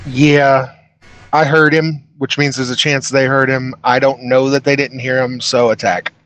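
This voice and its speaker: A man's voice: medium pitch, little pitch movement, a little slow, fairly bright tone, dry recording. A man playing a tabletop game, talking hesitantly with many fillers. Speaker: player.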